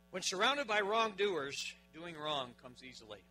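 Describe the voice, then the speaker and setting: A man preaching a sermon, dramatic, with big swings in loudness, asking his listeners questions. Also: high-pitched, very animated, moderate pace, hardly any pauses, a little hiss or hum, poor audio.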